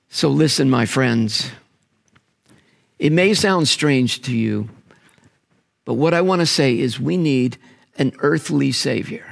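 Slow, animated male preacher with gravelly voice. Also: medium pitch. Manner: animated preaching, emphatic drawn-out words. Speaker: pastor. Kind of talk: sermon.

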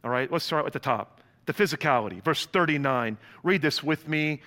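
Bright-voiced male pastor in reverberant hall. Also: on the high side, a little fast, hardly any pauses. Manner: lively storytelling with humor, casual asides. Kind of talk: sermon.

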